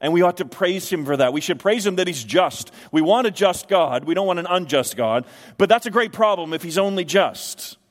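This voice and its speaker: A middle-aged man, a pastor, preaching a sermon with slow, emphatic stresses in a church sanctuary. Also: on the high side. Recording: long hall reverb.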